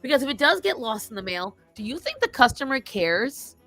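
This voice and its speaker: A woman's voice: a little high, a little fast, no room sound, faint music behind. A woman hosting a live stream, casually telling stories and giving blunt, opinionated advice to her chat. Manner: animated, opinionated storytelling. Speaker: streamer host.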